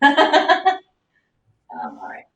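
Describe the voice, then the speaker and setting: A woman's voice: sits high, huge pitch swings, drawn-out words, fairly bright tone, highs cut off. A woman co-hosting a casual talk show, giving short agreeing replies while busy with a craft. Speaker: podcast co-host. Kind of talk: casual chat. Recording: roomy echo.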